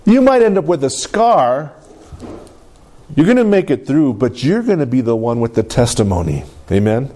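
With a dark, sing-song, mid-range voice at a moderate pace, this pastor keeps his sermon conversational. He often checks in with the congregation by asking "Amen?"

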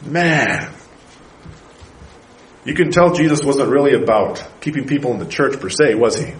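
A man's voice: mid-range voice, lively intonation, normal speed, pauses often, rough recording. A man preaching a sermon as pastor in a church, building to emphatic bursts and putting questions to the congregation.

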